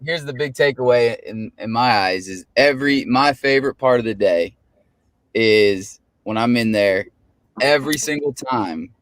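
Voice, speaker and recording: A man's voice: medium pitch, measured pace, fairly bright tone, no room sound. A man chatting casually, telling rambling anecdotes in an easygoing way. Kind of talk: casual podcast chat.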